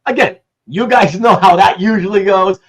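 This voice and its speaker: A Canadian man hosts a casual livestream in a high-sitting voice with a breathy edge, talking at normal speed. He rambles, greets chat viewers by name, and swears now and then.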